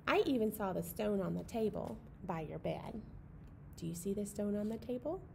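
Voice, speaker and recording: A woman reading a picture book as a gentle night owl telling its own story, in a soft, tender, unhurried voice. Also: mid-range voice, lively intonation, vocal fry, slight background noise. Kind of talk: picture-book read-aloud.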